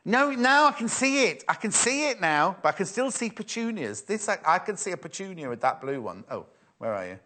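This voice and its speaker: A man hosting a live television sewing show, chatting playfully and reading viewers' messages aloud. His pitch sits a touch high for a man and swings widely, so his talk sounds animated and bouncy. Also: a little fast. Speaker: shopping channel presenter. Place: TV studio.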